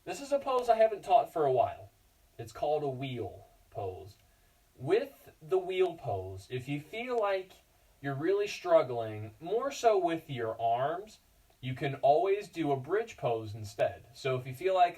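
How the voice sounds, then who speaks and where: A man's voice: a little high, big pitch swings, a little slow, warm tone, recorded from a distance, poor audio. A man teaching a yoga class for children, giving cues in an encouraging, playful way and chatting to his dog between poses. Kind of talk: guiding a kids yoga class.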